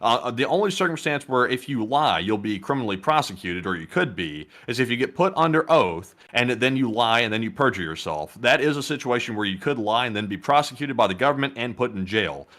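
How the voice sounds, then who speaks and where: A man hosting a casual commentary show, explaining his views in a steady, opinionated way. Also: mid-range voice, fairly quick, few pauses. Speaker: host.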